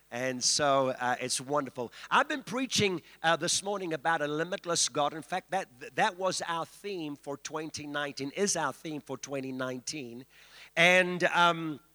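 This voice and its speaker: A man's voice: a little high, bright, forceful tone. A man preaching as a guest in a church, declaiming and calling on the congregation to respond. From South Africa. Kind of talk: sermon. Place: church sanctuary. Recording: reverberant church hall.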